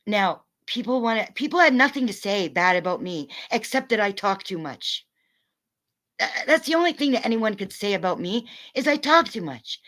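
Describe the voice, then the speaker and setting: A woman streamer in an angry, profane rant at her viewers, talking in fast bursts. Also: mid-range voice, expressive, fairly bright tone. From North America. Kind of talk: angry rant to a live audience.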